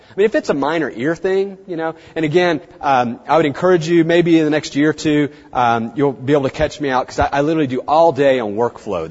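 A middle-aged man giving a seminar talk to an audience, chatty and animated, acting out the people he quotes. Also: mid-range voice, breathy edge. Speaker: veterinary practice speaker. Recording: muffled, dull sound in a reverberant hall.

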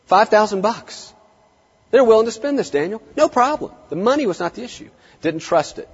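A middle-aged man giving a lively lecture to veterinary students, swinging his tone and pace for drama. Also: high-pitched, a little fast, slightly rough. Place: large lecture hall. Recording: dull, echoey lecture hall recording.

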